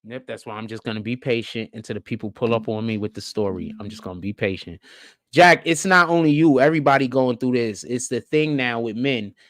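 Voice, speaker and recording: A live-stream host giving casual, profane commentary, piling up rhetorical questions and swinging between low mutters and excited high stretches. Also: brisk, no room sound, studio quality. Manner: rhetorical, keeps asking questions, profane slang.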